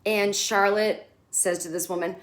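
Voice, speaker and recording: Brief: woman comedian, chatty and sarcastic, casual recap host, mid-pitched. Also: a little slow. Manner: animated, sarcastic, swears.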